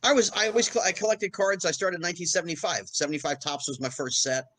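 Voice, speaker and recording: A middle-aged man, a podcast guest, telling anecdotes in a lively way and acting out the voices of people he quotes. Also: high-pitched, quick pace, a loud crowd, poor audio. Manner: animated, acts out quoted voices. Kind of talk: anecdotal storytelling.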